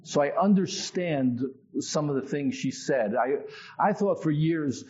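A man telling his own testimony in a sermon, in a conversational, animated storytelling way. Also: fairly high pitch, measured pace, lo-fi sound. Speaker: preacher.

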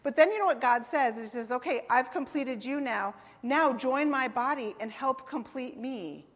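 A woman delivers a sermon in a fairly high voice, talking to the congregation as if in conversation and checking in with them as she goes. Her voice rings out through a church hall with a long reverb. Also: moderate pace. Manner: conversational preaching, asking "right?" and "amen?". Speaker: preacher.

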